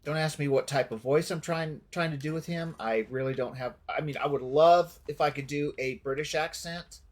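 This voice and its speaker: A man streaming a game offers casual, rambling commentary, often restarting and correcting himself as he thinks aloud. His voice is slightly husky. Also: fairly high pitch, moderate pace.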